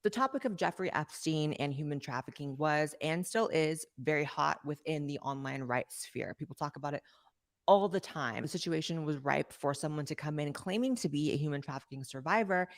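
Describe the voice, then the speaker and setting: A narrator reading a scripted commentary video in a brisk, sardonic manner. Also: medium pitch, expressive.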